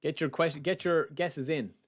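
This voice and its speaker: Excitable Irish man streaming, lads. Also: a little high, a little slow, faint music behind. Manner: excitable, chatty, addresses chat as lads. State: sleep-deprived. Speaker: gaming streamer. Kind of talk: live stream chat while opening game packs.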